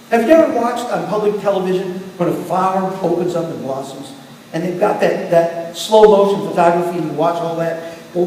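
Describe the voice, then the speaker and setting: Man preaching in an echoey hall. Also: a little mellow. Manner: storytelling, conversational, with sudden rises in pitch and volume. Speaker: guest preacher. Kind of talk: sermon testimony. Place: church sanctuary. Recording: distant mic in a long, echoey church hall with faint room noise.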